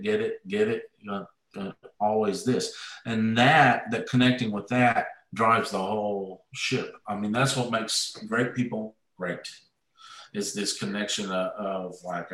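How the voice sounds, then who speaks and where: A man's voice: lowish voice, a bit bright. A man speaking as a guest musician, thoughtful and searching for words as he reflects. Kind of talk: reflective conversation. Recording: echoey room, distant mic.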